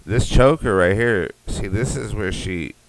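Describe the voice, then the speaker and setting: Young man, podcast host, deep low voice, rambling, profane, comedic rant. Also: a little slow, creaky, background noise.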